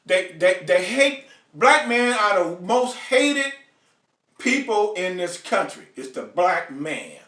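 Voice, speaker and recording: A man's voice: sits high, big pitch swings, takes it slowly, bright, forceful tone, echoey room, far from the mic. A man hosting a live online show, ranting bluntly and profanely to his viewers and calling out to them by name. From United States. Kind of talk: ranting live stream monologue.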